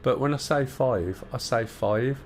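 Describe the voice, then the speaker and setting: A man's voice: mid-range voice, measured pace, a little hiss or hum. A man with a Black Country accent, a streamer chatting casually with viewers and walking through cockpit start-up steps. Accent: Black Country English. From English Midlands. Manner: chatty, bantering with chat while explaining cockpit steps. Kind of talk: casual live-stream chat.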